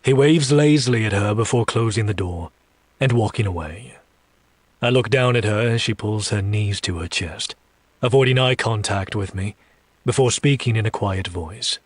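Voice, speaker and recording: A man narrating a dark romance audiobook, reading slowly and seductively and voicing a demon in first person. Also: on the low side, no room sound.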